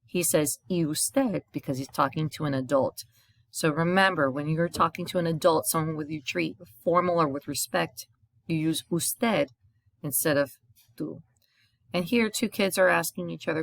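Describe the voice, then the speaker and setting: A woman's voice: low voice, normal speed, gravelly, dry recording, studio quality. A woman teaching a recorded video lesson in a patient, explanatory way, reading short example dialogues aloud and translating them. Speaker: Spanish teacher.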